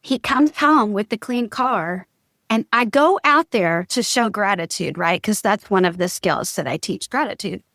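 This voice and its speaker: A woman's voice: mid-range voice, a little slow, dry recording, studio quality. A woman, a marriage coach telling stories in a podcast chat and acting out the lines of the people in them. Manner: animated storyteller acting out quotes. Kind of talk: casual storytelling chat.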